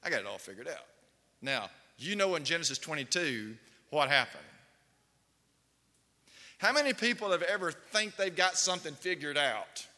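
A pastor with a highish, sharp-toned voice preaches a sermon at a moderate pace, with big pitch swings and long pauses. He tells stories and puts questions to his congregation, and the recording carries a long hall reverb.

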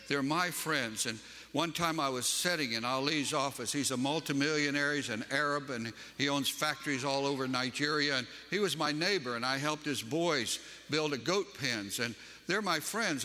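A man's voice: medium pitch, pushed and bright, in a large hall. A man from Western North Carolina with a Southern accent, preaching a sermon and telling a personal story with emphatic, rising delivery.

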